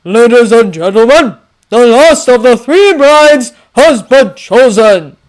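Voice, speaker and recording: A woman voicing a commanding middle-aged male king who makes loud proclamations. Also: a little high, animated, takes it slowly, voice pushed up. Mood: proclaiming.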